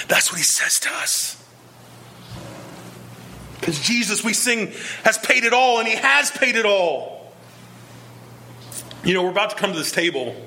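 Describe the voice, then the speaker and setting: A man's voice: high-pitched, animated, a little slow, long pauses, bright, forceful tone, slight background noise. A male pastor preaching a sermon, earnest and emphatic, pressing his point with repeated rhetorical questions.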